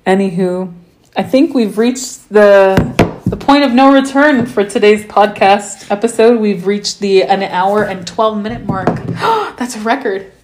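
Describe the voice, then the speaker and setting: A woman's voice: mid-range voice, unhurried, noisy background. Casual young woman podcast co-host, mid-range voice, room echo on the recording. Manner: laid-back, swears, laughs often. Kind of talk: casual chat. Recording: roomy echo.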